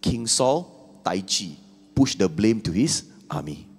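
A man's voice: lowish voice, big pitch swings, slow, a little mellow, breathy edge. A male pastor preaching a sermon, earnest and reflective, with rhetorical questions. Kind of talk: sermon with scripture reading.

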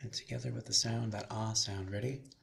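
A man minister leading a slow, soothing guided meditation with breathing cues, then speaking to a chapel congregation. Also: lowish voice, steady tone, vocal fry, a bit bright.

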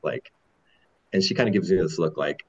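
A man in his forties telling his own story candidly as a podcast guest, halting and rambling with many restarts. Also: low-pitched, husky. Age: 40s.

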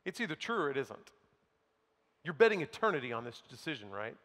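A man preaching a sermon from the pulpit, emphatic, dropping to quiet asides and mocking the other side. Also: mid-range voice, very animated, brisk. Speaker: pastor. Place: church sanctuary. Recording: long hall reverb.

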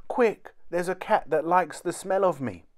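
A tiny, bold little boy, put on by a man reading a storybook aloud. He talks high and piping, with a lively, jumping pitch and plenty of push in his voice. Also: moderate pace, close to an everyday voice. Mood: urgent. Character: teeny tiny mischievous boy, restless and bold.

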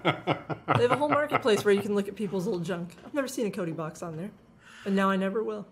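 A woman's voice: mid-range voice, expressive, husky. Teasing woman co-hosting tech news. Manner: teasing, quick to laugh. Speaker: news show co-host. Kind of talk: casual tech news chat.

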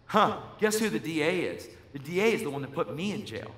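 Male preacher, bright and forceful, slightly high voice, animated storyteller, echoey hall. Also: brisk, hardly any pauses. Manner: animated storytelling, acts out voices, builds to shouting. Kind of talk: sermon testimony. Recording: echoey hall with faint music.

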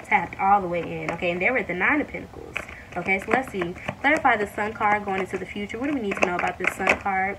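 A woman giving a casual tarot reading to her viewers, talking warmly to them as y'all and breaking into excited exclamations. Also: medium pitch, distant mic, very noisy. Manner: excited, animated bursts with drawn-out exclamations; addresses viewers as y'all, many fillers. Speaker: tarot reader.

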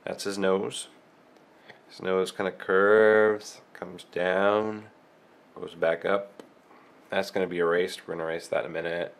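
A man's voice: low-pitched, flat delivery, a little slow, vocal fry, pauses often. A man with a cold who hosts a drawing tutorial, talking through each stroke step by step and thinking aloud as he draws. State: has a cold.

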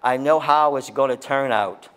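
At medium pitch and normal speed, a male pastor preaches with passionate excitement, alternating loud climaxes with hushed scripture passages.

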